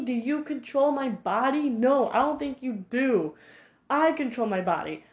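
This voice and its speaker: A woman ranting casually to camera in an animated, heated way, filling her talk with "like". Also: high voice, a little slow. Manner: animated, heated, heavy use of 'like'. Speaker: vlogger. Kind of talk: casual monologue rant. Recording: echoey room.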